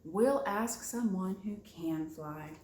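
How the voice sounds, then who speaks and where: A gentle, hesitant storybook cat , as a woman voices it, stumbling over words with soft fillers. Her delivery is unhurried, and the room adds a clear echo. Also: fairly low pitch, slight background noise. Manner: hesitant, stammering.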